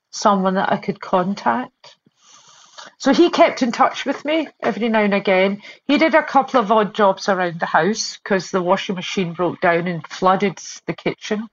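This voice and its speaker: Earnest woman telling a personal ordeal. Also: mid-range voice. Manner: earnest, measured, emotional storytelling. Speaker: interviewee recounting being stalked. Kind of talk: personal testimony in an interview. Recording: dull lo-fi sound.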